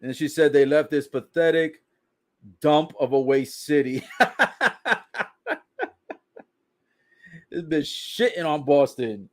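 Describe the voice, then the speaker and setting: A man's voice: on the high side, steady tone, a little slow, a little mellow. A man casually recapping a wrestling broadcast, swearing, joking in slang and laughing often. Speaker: wrestling show reaction commentator.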